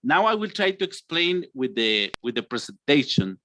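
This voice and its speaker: A man, teaching an online English lesson, acting out emotions and stretching words slowly. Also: mid-range voice, sing-song, pushed and bright, a little hiss or hum.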